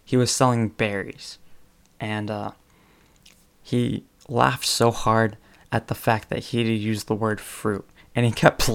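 With a medium-pitched, clear, resonant voice, a man chattily retells funny stories during a spoken presentation. Fillers and occasional chuckles come between his phrases.

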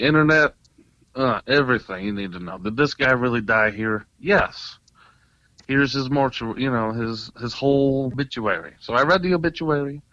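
A man, a paranormal investigator and tattoo artist, animated and excitable, telling a story in casual chat with lots of fillers. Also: mid-range voice, dry recording, lo-fi sound.

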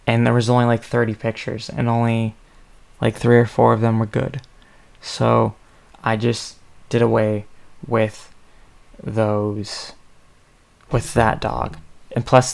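Male podcast host, drowsy, flat and unhurried, thinks aloud with fillers. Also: mid-range voice, vocal fry. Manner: rambling, thinking aloud with many ums. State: sleepy, yawning. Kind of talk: casual solo podcast talk.

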